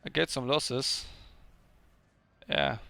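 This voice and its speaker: A man's voice: mid-range voice, fairly even intonation, extremely slow, vocal fry, pushed and bright, no room sound. A man whose first language is Polish, casually commentating a strategy game battle, hesitant and thinking aloud with many fillers.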